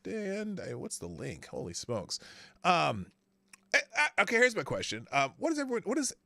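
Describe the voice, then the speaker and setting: A man hosting a live-stream show, casually reading out viewer comments and reacting to them in a chatty, animated way. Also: on the high side, moderate pace, vocal fry, no room sound. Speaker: livestream show host.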